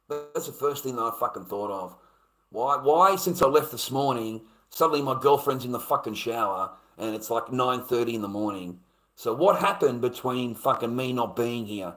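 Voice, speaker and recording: A man telling a story on a stream in a mid-pitched voice, swearing constantly as he goes. He talks rough and casual, and he turns loud and heated when the anger comes back to him. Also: expressive, moderate pace.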